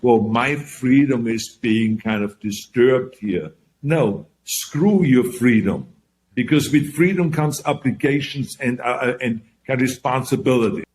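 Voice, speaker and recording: Deep-voiced man with an Austrian accent. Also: a little slow. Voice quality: deep, forceful delivery. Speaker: quoted public figure in an archive clip. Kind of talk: speaking in a played news clip.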